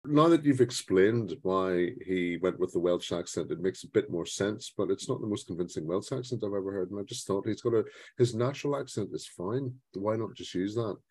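Deep, husky man giving measured opinions. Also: lively intonation, darkish tone, dry recording. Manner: measured, opinionated, hesitant restarts. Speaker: podcast co-host. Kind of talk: casual film discussion.

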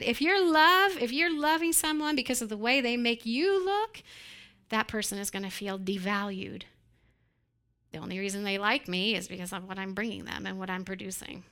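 A woman preaching a sermon, often breaking into quick laughs and acting out the voices of the people she describes. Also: medium pitch, clear, resonant tone. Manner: acts out quoted voices with animated, laughing asides.

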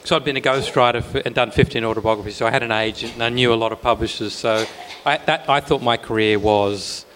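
A man recounts his career in a wry, self-deprecating way, laughing as he talks. His voice sits at a middle pitch for a man. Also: fairly even intonation, fast, few pauses, noisy background. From Australia. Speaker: author guest. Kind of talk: relaxed panel storytelling.

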